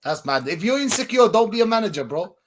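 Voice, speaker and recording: A man's voice: high voice, very animated, fast talker, a little hiss or hum. A man hosting a casual live stream, often saying that things are madness. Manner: repeats "that's madness, bro". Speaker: Arsenal fan streamer, host.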